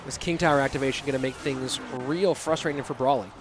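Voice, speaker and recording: Fast-talking and steady in tone, this man has a mid-range voice, and background noise can be heard. Serving as esports caster and stream host, he provides live commentary and chats casually, fielding viewer questions between plays.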